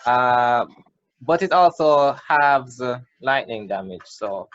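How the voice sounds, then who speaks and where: A man's voice: medium pitch, lively intonation, slow, a bit bright, muffled recording. A man with a Jamaican accent, the game master, explaining rules and describing outcomes. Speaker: dungeon master. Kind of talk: running a tabletop game.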